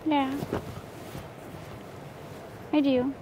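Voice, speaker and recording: A woman's voice: sits high, little pitch movement, extremely slow, highs cut off, slight background noise. A young woman giving short, hesitant replies in casual strategy talk. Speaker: reality show contestant.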